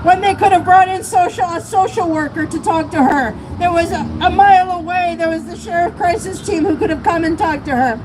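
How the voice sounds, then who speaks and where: A woman's voice: extremely high pitch, a little fast, few pauses. A woman giving an impassioned, emotional speech at an outdoor protest, her voice breaking at times. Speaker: speaker at a protest rally. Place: outdoors on a city street. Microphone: streamer's camera mic among the crowd. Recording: live street stream with crowd and traffic noise. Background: crowd and passing traffic.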